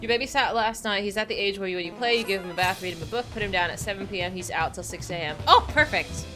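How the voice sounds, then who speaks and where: A woman's voice: mid-range voice, fast talker, over music. A woman in her forties chatting casually with her viewers while streaming a game, rambling and gushing with frequent laughter. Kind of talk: casual livestream chat while gaming.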